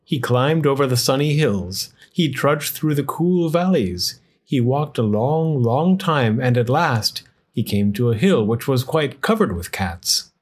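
Lively, husky man reading a picture book. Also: medium pitch, unhurried, hardly any pauses. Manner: expressive, lively storytelling. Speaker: storyteller. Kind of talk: children's picture-book read-aloud.

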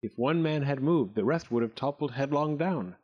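A man reading a story aloud with expressive, dramatic narration. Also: medium pitch, moderate pace, dull audio.

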